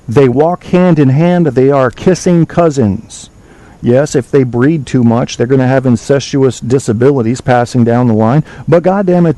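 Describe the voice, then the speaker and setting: A man's voice: mid-range voice, expressive, normal speed, dark tone, poor audio. A man hosting a talk podcast, lecturing bluntly and swearing freely, reading aloud from a web page now and then. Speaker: podcast host. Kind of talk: opinionated call-in show monologue.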